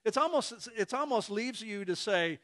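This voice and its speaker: A man's voice: high-pitched, animated, moderate pace, pushed and bright. A man preaching a sermon who acts out imagined dialogues and chuckles between points.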